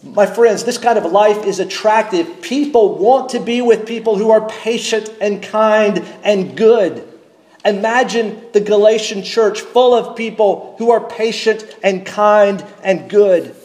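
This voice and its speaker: A man preaching a sermon from the pulpit, measured and emphatic, slowing down to stress key words. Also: sits high, darkish tone, echoey room, low-quality recording. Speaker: pastor. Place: church sanctuary.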